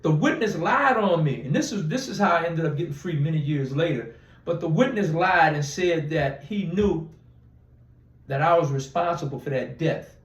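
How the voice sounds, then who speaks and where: A man's voice: on the high side, normal speed, reverberant, recorded from a distance, lo-fi sound. A man telling a long personal story in a casual interview, rambling with restarts and acting out quoted dialogue. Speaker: interview guest.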